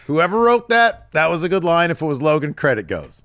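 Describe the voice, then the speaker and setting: A man's voice: fairly high pitch, very animated, a little fast, few pauses, a bit bright, no room sound, clean studio sound. A man co-hosting a podcast, casually recapping wrestling with jokes, swearing and emphatic read-outs of promos. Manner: jokey, reads out promos with emphasis, swears freely. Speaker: podcast co-host.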